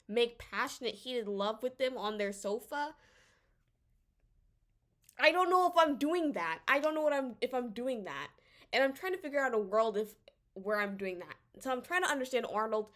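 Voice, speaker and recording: Talking through a drama series in casual vlog commentary, this woman's voice runs a little high. Her delivery is animated and exasperated, rambling along with frequent stammers and restarted sentences.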